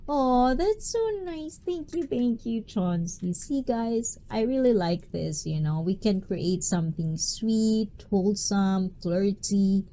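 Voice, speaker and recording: Hosting a relaxed livestream, this woman speaks slowly yet animatedly, with hardly any pauses, her mid-range voice dark in tone. Playful and chatty, she reads out viewer messages and laughs a lot.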